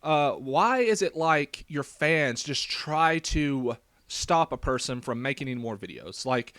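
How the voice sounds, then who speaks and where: A man's voice: medium pitch, animated, unhurried, a bit bright, dry recording. A young man with a faint rural Southern American accent, talking in a rambling response video with lots of fillers and restarts. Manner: hesitant, many fillers and restarts. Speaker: YouTube vlogger.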